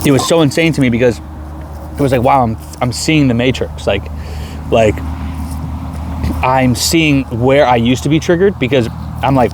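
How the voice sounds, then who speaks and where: A man in his thirties, talking earnestly in a rambling personal video diary, with many halting restarts. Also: mid-range voice, background noise. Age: 30s. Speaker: vlogger.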